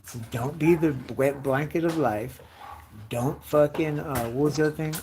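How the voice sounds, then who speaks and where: A man in his late forties ranting in a casual, profane, rambling way, often breaking into loud mimicked voices. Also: on the high side, steady tone, normal speed, a little hiss or hum. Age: 40s. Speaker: live streamer.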